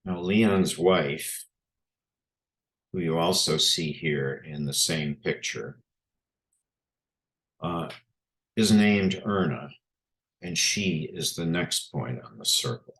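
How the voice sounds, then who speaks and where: Slow, very deep-voiced male presenter. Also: a bit bright. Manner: unhurried, frequent filler sounds. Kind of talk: lecture presentation with pictures.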